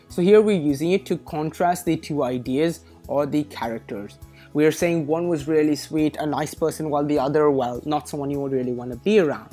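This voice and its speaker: A woman's voice: deep voice, fairly quick, warm tone, soft background music. A woman tutor explaining reading test concepts in a methodical way, correcting herself now and then with a light, wry touch. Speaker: SAT tutor. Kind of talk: explanatory lesson.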